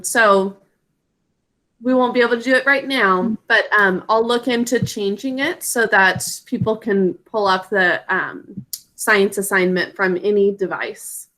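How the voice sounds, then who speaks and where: A woman's voice: mid-range voice, bright, forceful tone. A woman teacher giving a spelling lesson to children over a video call, patiently sounding out words and syllables.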